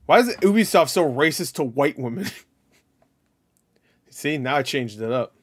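A young man casually chatting on a live stream and reading out viewer comments, joking and crude, sometimes mumbling and sometimes breaking into loud mock outbursts. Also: on the high side, expressive, a little slow, pauses often, slightly rough.

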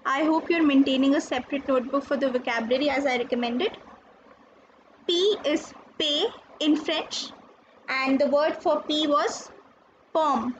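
A woman's voice: high-pitched, moderate pace. A woman teaching a recorded French lesson, patiently spelling out letters and repeating each word. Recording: dull lo-fi with faint noise.

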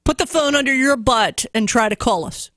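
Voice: medium pitch, normal speed, fairly bright tone, no room sound. A radio co-host chiding the host playfully in casual call-in show banter. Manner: playful, chiding, laughing along. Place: radio studio.

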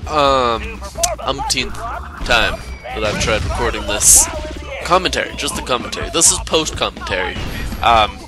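A man giving rambling, joking commentary over his own gameplay, recorded at home afterward, with sudden squeaky impressions. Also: animated, normal speed. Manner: goofy, rambling, bursts into high squeaky impressions. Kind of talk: casual let's play commentary. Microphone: home microphone, recorded after the gameplay. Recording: game music playing underneath.

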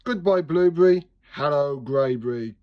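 A man's voice: medium pitch, a little slow, dull audio, natural voice. A gleeful little pea villain from a children's storybook, as a man puts him on, sneering and hissing his lines. He cackles as he gloats, all spite and mischief. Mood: gloating.

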